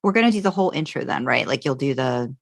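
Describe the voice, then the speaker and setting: An American woman co-hosting a podcast, chatting casually with lots of halting restarts and fillers. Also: extremely low pitch, animated, creaky, no room sound, studio quality. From United States. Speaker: podcast co-host. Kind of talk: casual chat between podcast co-hosts.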